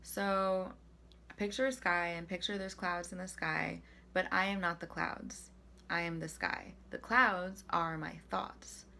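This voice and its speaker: A young woman vlogging in a casual, chatty way, her voice sitting a little low for a woman. She talks loosely and pokes fun at herself, with plenty of fillers. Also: steady tone, measured pace, gravelly, pushed and bright, a little hiss or hum. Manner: chatty and self-deprecating, with frequent fillers. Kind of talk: casual self-help talk to camera.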